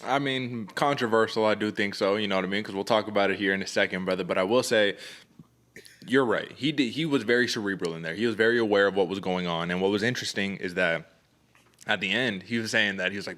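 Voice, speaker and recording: A man co-hosting a podcast in a casual, slangy chat. His voice sits on the low side and he rattles through his points quickly. He keeps dropping "man" and "brother" between his thoughts. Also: fairly bright tone. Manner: laid-back, slangy, peppers speech with "man" and "brother". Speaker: podcast co-host.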